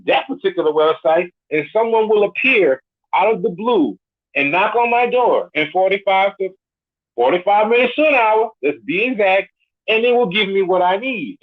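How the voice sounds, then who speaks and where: A man's voice: high voice, expressive, normal speed. A man of forty, a caller on a live show, ranting bluntly and with swagger, swearing constantly. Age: 40s. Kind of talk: profane rant. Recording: tinny phone line.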